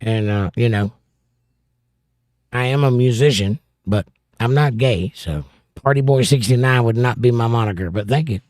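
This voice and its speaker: Reading viewer comments aloud and cracking jokes, a middle-aged Southern-accented man hosts a casual livestream chat. He talks at normal speed in a mid-range, slightly mellow voice, captured in a dry, clean studio recording.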